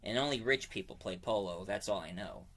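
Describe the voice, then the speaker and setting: A man's voice: on the low side, a little fast, fairly bright tone. A man giving a casual spoken comic book review, rambling and digressive, often stopping to correct himself mid-sentence.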